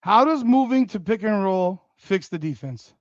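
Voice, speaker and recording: A man with a fairly high voice talks through a live game reaction, exclaiming and cursing at each play. He keeps putting the same rhetorical question to his viewers. The sound is dry and a little dull, like a modest home mic. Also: moderate pace, dry recording. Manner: excitable, exclaims and curses at plays; repeats rhetorical questions to chat. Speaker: livestream host.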